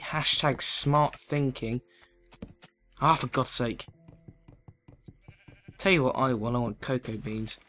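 Excitable man doing gameplay commentary. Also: medium pitch, slow, pauses often, soft background music. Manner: excitable, chatty, talks to game animals. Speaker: let's play gamer. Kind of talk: let's play commentary.

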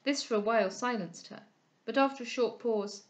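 Expressive woman reading a classic novel. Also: a little high. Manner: measured, expressive. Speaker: audiobook reader. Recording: dull lo-fi recording.

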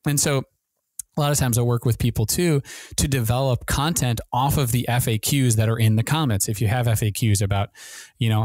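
A man hosting a marketing podcast, talking very fast with many restarts and fillers. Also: mid-range voice, steady tone, a little mellow, dry recording. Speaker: podcast host and ad consultant.

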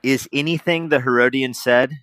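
A man's voice: mid-range voice, fairly even intonation, normal speed, a bit bright, no echo. A man as pastor, preaching a conversational sermon with emphatic explanations and casual asides.

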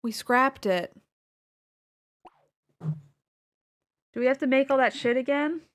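A woman's voice: high voice, lively intonation, slow pace. A woman streamer giving casual gameplay commentary, exasperated and swearing, with muttered asides.

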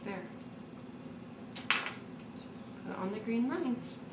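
Woman, mother, patient and encouraging, slow lilting delivery; far-off roomy home-video sound. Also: a little high, lively intonation. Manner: slow, encouraging, sing-song prompting. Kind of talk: home video, coaching a toddler. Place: family home, indoors. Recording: roomy home room, mic far off, background noise.

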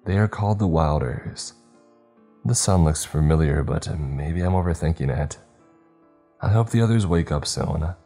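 Very deep-voiced male horror narrator. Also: moderate pace, dark tone, faint music behind.

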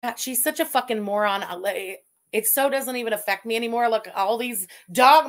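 A woman's voice: mid-range voice, fairly quick. A young adult woman hosting a casual livestream, talking bluntly and swearing freely. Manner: blunt, profane and animated. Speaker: streamer host.

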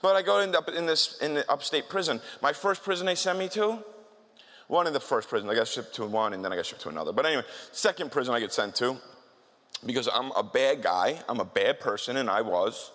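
A man's voice: medium pitch, a little fast, a bit bright. A man speaks at a talk in a mid-range voice and tells his story candidly in a conversational way, often stopping to restart a sentence. His voice echoes with long reverb through a large hall. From South Philadelphia, USA.

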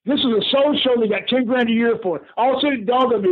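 Casting: older guy with a high voice, chatty storyteller, over a tinny phone line. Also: fast, breathy edge. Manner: lively yarn-spinner who laughs often and says "brother". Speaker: guest, retired pro wrestler. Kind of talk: animated storytelling in an interview. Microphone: phone call.

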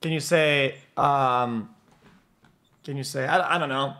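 A man's voice: medium pitch, steady tone, takes it slowly, sharp tone. A man streaming online who chats casually with strangers, stumbling over and repeating his words and swearing a lot.

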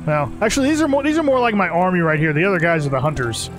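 A young man giving joking, animated commentary while playing a game, swearing and talking to the characters. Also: sits high, rapid-fire, hardly any pauses, music in the background. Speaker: gaming channel host. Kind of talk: casual gameplay commentary.

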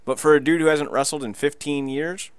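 A man co-hosting a podcast, excitedly recapping a show in casual chat, laughing and swearing as he goes. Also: on the high side, fairly quick, smooth, no room sound, studio quality. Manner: excitable, laughing, profane storyteller. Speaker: podcast co-host.

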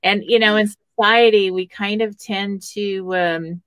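A woman's voice: medium pitch, steady tone, unhurried, a bit bright, dry recording. Affirming woman hosting a radio talk show. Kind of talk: conversational radio interview. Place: radio studio.

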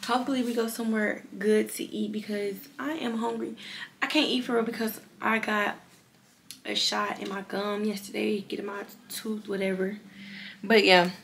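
A woman's voice: medium pitch, fairly even intonation, normal speed, gravelly, a bit bright, slight background noise. A young woman chatting casually to her viewers. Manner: chatty, slangy, talks straight to viewers. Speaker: vlogger. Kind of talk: casual vlog chat.

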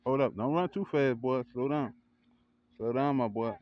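A man vlogging casually in a backyard, hyping up what he sees with excited cheers and frequent laughs. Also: medium pitch, moderate pace, dull audio. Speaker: vlogger and kennel owner. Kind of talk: casual hype commentary. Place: outdoor backyard by a grill.

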